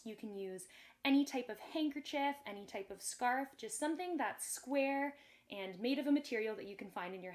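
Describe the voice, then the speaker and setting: A young woman teaching children music warm-ups and a magic trick in a cheerful, slow, encouraging way, recorded indoors on a camera mic. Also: sits high. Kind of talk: children's lesson.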